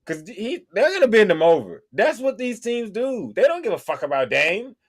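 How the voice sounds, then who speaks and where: A man with a notably high voice for a guy rants about basketball on a podcast. His talk is loose, heated and full of swearing, like a fired-up opinion segment. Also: very animated, normal speed. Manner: profane, heated ranting. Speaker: podcast host. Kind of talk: casual sports chat. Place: podcast studio.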